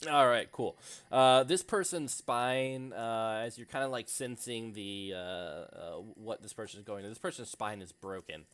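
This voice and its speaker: A man running a tabletop game as game master, narrating in a halting way with many fillers. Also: fairly low pitch, a bit bright, clear, resonant tone.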